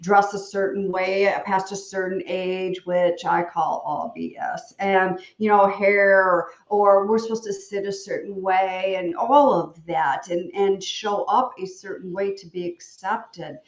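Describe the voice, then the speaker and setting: A woman hosting an interview over a video call, talking in an animated, rambling, frank way with jokes. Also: medium pitch, a little slow, hardly any pauses, roomy sound, lo-fi sound. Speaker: podcast host. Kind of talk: casual interview chat.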